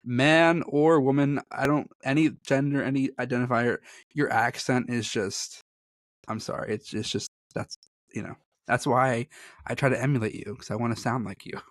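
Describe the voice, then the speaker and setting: In casual podcast chat, this male co-host rambles, puts himself down, and frequently bursts out laughing. He speaks at a medium pitch and normal speed in a steady tone. The sound is dry and clean, as from a studio.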